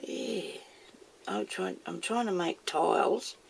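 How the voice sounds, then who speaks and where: Gravelly low-voiced woman chatting while crafting. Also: takes it slowly. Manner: chatty, talks herself through tasks. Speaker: crafter demonstrating mould making. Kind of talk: casual how-to video.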